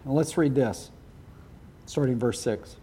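A man's voice: mid-range voice, measured pace, dark tone, slightly rough. A middle-aged man preaching a sermon as pastor, speaking earnestly and with emphasis.

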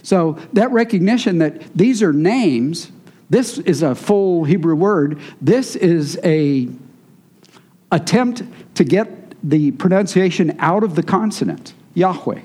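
High-ish mellow guy preaching, chatty teaching sermon. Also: lively intonation, slow pace. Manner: teaching, conversational with congregation. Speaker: pastor.

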